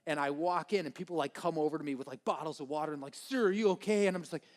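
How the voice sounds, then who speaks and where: A man from Minnesota preaching a sermon, telling a lively comic story and acting out the voices of the people in it. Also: fairly high pitch, racing. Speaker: pastor.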